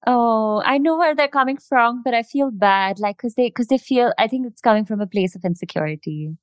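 A woman's voice: a little high, brisk, clear, resonant tone, no echo, clean studio sound. A young woman from India, a singer, chatting thoughtfully and reflectively on a podcast. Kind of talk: casual chat.

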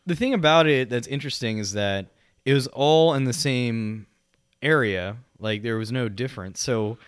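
A man co-hosting a podcast in casual chat, rambling and animated, peppering his speech with "like" and swearing. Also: mid-range voice, normal speed, clear, resonant tone, dry recording, studio quality. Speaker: podcast co-host. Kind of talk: casual film-discussion chat.

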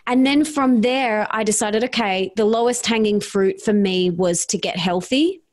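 A woman's voice: medium pitch, moderate pace. A woman, a podcast guest and author, tells a personal story in casual conversation, acting out her own past lines of dialogue.

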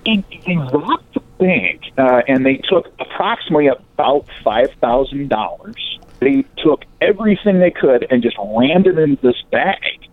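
A man casually telling a local history story, acting out the people in it with lively quoted voices. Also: mid-range voice, unhurried. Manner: animated, acts out quoted voices. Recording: tinny phone-like sound.

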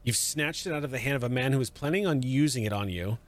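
A man narrating and running a tabletop game as game master, in calm, measured scene narration. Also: medium pitch.

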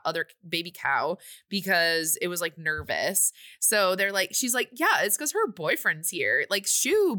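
A woman co-hosting a podcast, casually recapping a movie plot in a chatty, animated way with quoted asides. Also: fairly low pitch. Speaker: podcast co-host.

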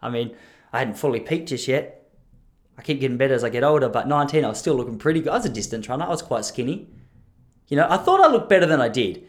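A man's voice: mid-range voice, lively intonation, fast. A man in his thirties, talking casually and rambling as a podcast host, joking at his own expense and laughing at his own lines. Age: 30s. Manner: chatty, self-mocking, laughs at own jokes.

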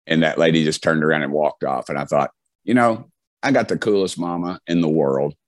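Speaking briskly at an extremely low pitch, a middle-aged Southern man from Tennessee spins folksy tales as an interview guest, and there's no echo. His casual storytelling is packed with fillers and restarts.

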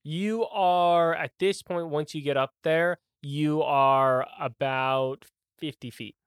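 A game master narrates a tabletop game at a slow, relaxed pace, with plenty of fillers and chuckles along the way. The voice sits at a middle pitch, and the recording is dry and close. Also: clear, resonant tone, no room sound.

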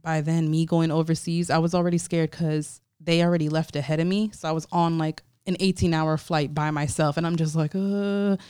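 A woman's voice: sits low, fairly quick, few pauses, smooth, no room sound, studio quality. A young woman from Florida, a photographer, telling stories in a casual interview, full of "like" and acting out the voices of people she quotes. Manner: animated, acts out quoted voices, many "like" fillers. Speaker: photographer guest.

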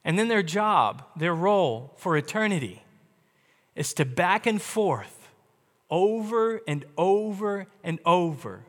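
A man preaching a sermon, emphatic, slowing down on key words and speeding through asides. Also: fairly high pitch, big pitch swings, a bit bright. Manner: emphatic, varies pace, slow deliberate stresses with quick asides. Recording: long hall reverb.

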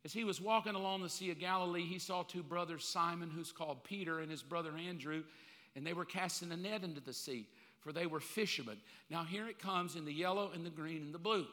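A male pastor preaching a sermon in a blunt, animated way, acting out bits of dialogue as he goes. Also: on the high side, fairly quick. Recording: long reverb of a large hall.

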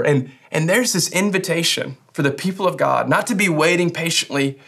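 A man's voice: a little high, moderate pace, gravelly, few pauses, fairly bright tone. A young man giving a casual, joking sermon as a pastor, talking loosely with many fillers and restarts.

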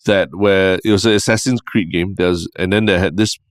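A man with a Singaporean English accent chats casually as a podcast co-host. His voice sits very low, and he rambles through fillers and restarts. The sound is close and dry, with no room echo. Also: fairly even intonation, moderate pace, smooth. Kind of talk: casual chat.

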